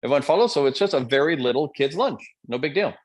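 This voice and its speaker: Lively, joking male motivational speaker. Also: medium pitch, fast talker. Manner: joking, conversational, quizzes the audience. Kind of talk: live-streamed motivational talk.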